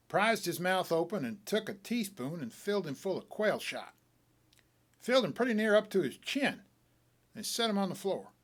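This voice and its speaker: A man reading a short story aloud as a folksy, animated tall-tale teller. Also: a little high, breathy edge.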